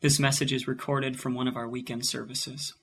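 A man reading the scripted welcome for a church podcast in a steady, welcoming way. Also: medium pitch, fairly quick, vocal fry, slight background noise. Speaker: podcast announcer. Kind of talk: scripted intro.

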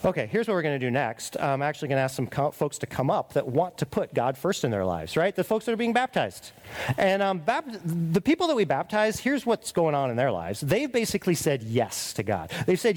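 Lively high-voiced male pastor preaching. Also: a little fast. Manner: confessional, emphatic, rhetorical "right?" tags; drops to quiet, earnest prayer voice. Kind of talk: sermon.

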